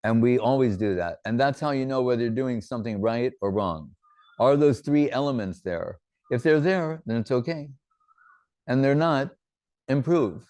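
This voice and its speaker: A man's voice: mid-range voice, normal speed, darkish tone, no room sound. A man giving an informal religious talk, drifting from teaching into rambling personal anecdotes.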